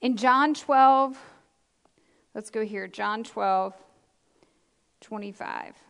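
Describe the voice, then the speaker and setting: A middle-aged woman pastor with a high voice preaches to her congregation. She is earnest and emphatic, repeats her key lines and slips in casual asides. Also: drawn-out words, vocal fry, a bit bright, clear, resonant tone. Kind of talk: sermon.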